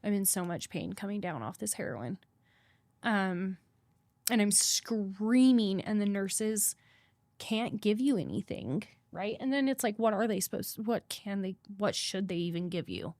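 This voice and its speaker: A woman's voice: mid-range voice, animated, unhurried, darkish tone, no echo. A woman guest on a podcast telling a hard personal story candidly, swearing freely and repeating points for emphasis.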